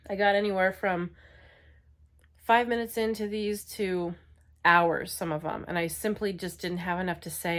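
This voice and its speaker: A young adult woman chatting casually as a book vlogger, frank and exasperated, rambling with lots of filler words. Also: fairly low pitch. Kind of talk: casual book review chat.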